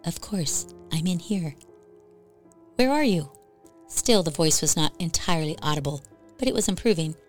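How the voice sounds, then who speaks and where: A woman telling a ghost story as scripted narration for a podcast, in an even, measured way. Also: fairly low pitch.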